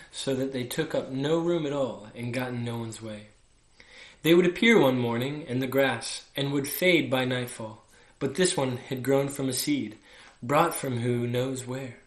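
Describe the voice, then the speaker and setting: A young man reads a children's book aloud and tells the story expressively. His voice sits at a middling pitch. It is heard in an echoey room. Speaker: soccer player.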